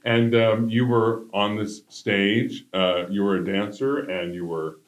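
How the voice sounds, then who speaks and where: A man hosting a talk show in casual chat with a guest, playful and quick to laugh. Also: lowish voice. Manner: playful, laughs often, jokes. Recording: roomy studio echo.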